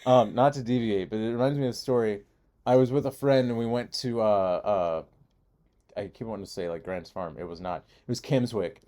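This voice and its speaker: A man's voice: lowish voice, brisk. A man co-hosting a podcast, telling a long rambling story in casual chat and acting out the people in it. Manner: rambling storyteller, animated impressions. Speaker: podcast co-host.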